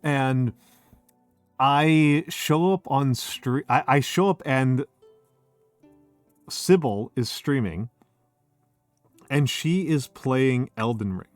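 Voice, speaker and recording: A man's voice: mid-range voice, extremely slow, pauses often, dry recording, soft background music. Middle aged guy chatting on his stream from home, rambly, swears a lot, keeps restarting sentences, dry close sound. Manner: rambling, profane, self-interrupting. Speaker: streamer host. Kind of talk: casual drinking stream chat.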